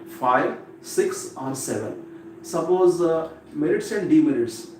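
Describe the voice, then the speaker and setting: A man's voice: on the high side, darkish tone. A man with an Indian English accent teaching exam tips in a live lesson, repeating key points and checking in with the class. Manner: repetitive, instructive, checks in with "okay?". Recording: echoey room from far off with faint noise.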